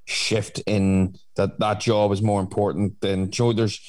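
A man's voice: on the low side, little pitch movement, measured pace, darkish tone. A man in casual chat as a podcast co-host, talking in a rambling, frank way with plenty of fillers.

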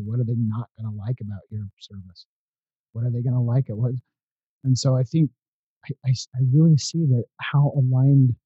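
Male podcast host, rambling conversational style with restarts; deep dark tone, slightly dull lo-fi audio. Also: slightly rough, dry recording. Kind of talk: casual interview chat.

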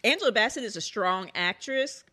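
A woman co-hosting a podcast in easy conversation. She speaks expressively and lifts into a higher voice when she acts out quotes. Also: lively intonation, brisk, bright, forceful tone. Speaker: podcast co-host. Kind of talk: casual chat.

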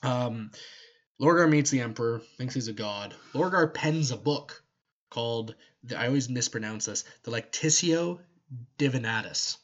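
A man's voice: medium pitch, moderate pace, highs cut off. A man co-hosting a podcast, animatedly explaining a fictional universe's lore in casual chat with joking asides. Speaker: podcast co-host.

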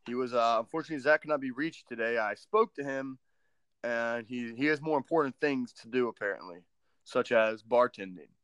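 A man hosts his podcast in a laid-back way, dropping in filler words as he chats with a guest and signs off. His voice is smooth and clear. It is recorded dry and close, with no room sound. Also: medium pitch, fairly quick, a bit bright, no room sound. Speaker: podcast host. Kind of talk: casual show hosting.

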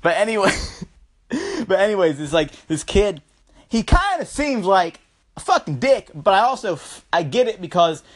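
A casual vlogger rambling through a movie review, heavy on swearing and filler. The delivery is loose and animated, with lively swings in pitch. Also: normal speed.

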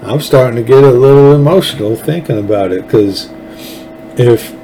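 A man's voice: medium pitch, moderate pace, warm tone, a little hiss or hum, poor audio. A man with a Texan accent hosting a political commentary show, talking in a folksy, fervent, rambling way with frequent restarts. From Texas. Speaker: show host.

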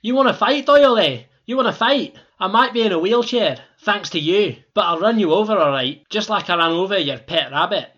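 Man doing a Scottish football manager, crude and grudging, bright tense tone, a bit muffled. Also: high voice, expressive, fairly quick, few pauses. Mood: furious. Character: bitter Scottish football manager in wheelchair, vengeful. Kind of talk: comedy sketch acting.

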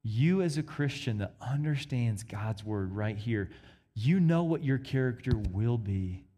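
A man preaching a sermon, swinging between emphatic rises and hushed, quiet drops. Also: mid-range voice, lively intonation, a little slow.

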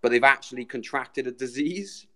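A man's voice: mid-range voice, normal speed, fairly bright tone. Chatty British man, keeps saying mate. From Britain. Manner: chatty, says "mate" a lot, rambling. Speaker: community representative guest. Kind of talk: casual chat.

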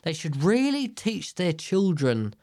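Alone at the mic, this young man delivers a loose, meandering podcast monologue, cursing frequently and interrupting himself mid-thought. He sounds very animated despite a slow pace, his voice a little high and dark, captured in a dry, clean studio recording.

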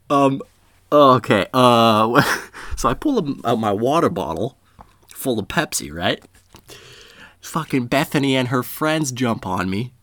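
A man's voice: medium pitch, sing-song, slow pace, pauses often, fairly bright tone, no echo, studio quality. A man telling a comedic story in a rambling, profane way, laughing at his own jokes.

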